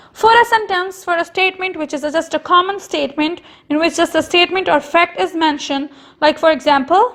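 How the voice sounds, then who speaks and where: High-voiced woman teacher explaining slowly. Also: a bit bright. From Pakistan. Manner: slow, repetitive explaining with stressed example sentences. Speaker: school teacher. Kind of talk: recorded online lesson.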